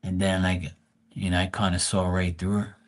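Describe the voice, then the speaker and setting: A man's voice: sits low, monotone, normal speed. A man telling stories in a casual, crude and mocking rant, full of swearing, with stammered restarts. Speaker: vlogger.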